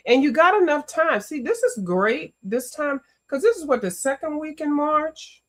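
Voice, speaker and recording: A woman's voice: high-pitched, normal speed, few pauses. Chatty woman hosting a coloring stream. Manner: chatty and animated, greets viewers, often exclaims. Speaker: coloring livestream host. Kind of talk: casual livestream chat.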